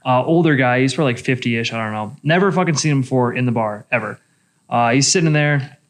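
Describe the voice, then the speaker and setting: A man, a bartender, telling a bar story in casual chat, profane and animated. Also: medium pitch, quick pace. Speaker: bartender and podcast co-host.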